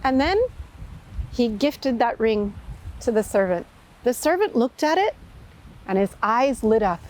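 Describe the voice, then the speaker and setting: A woman meditation teacher telling a story and giving a spiritual talk in a lively, expressive way. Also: on the high side, a little slow, slight background noise.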